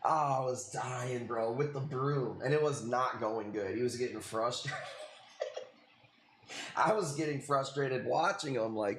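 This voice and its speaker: Hosting a live stream, a man in his late thirties tells a rambling story packed with swearing and endless "dude"s. He speaks at a measured pace in a mid-range voice. The recording is reverberant, with slight background noise.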